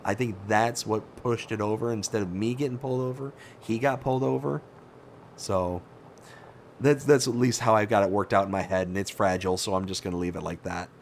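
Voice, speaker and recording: A man hosting a casual live gaming stream, telling stories with animated reactions and answering viewer chat. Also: on the low side, brisk, a little hiss or hum.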